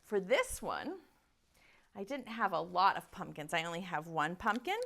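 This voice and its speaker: A woman teaching online preschool circle time, chanting patterns in a slow sing-song teacher voice. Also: on the low side, very animated, gravelly, pushed and bright.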